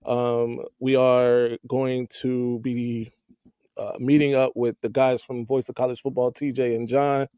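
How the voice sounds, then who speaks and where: A man's voice: medium pitch, flat delivery, a little slow, dark tone, clean tone, dry recording. Hyped man hosting a live show, dry sound. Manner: hyped, slangy interjections. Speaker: host. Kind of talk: casual live-stream chat.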